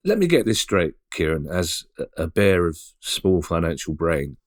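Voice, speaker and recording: Male host, deep voice, teasing, dry close recording. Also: very animated, moderate pace, no room sound. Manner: teasing, playfully mock-serious questions. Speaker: podcast host. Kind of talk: casual podcast discussion.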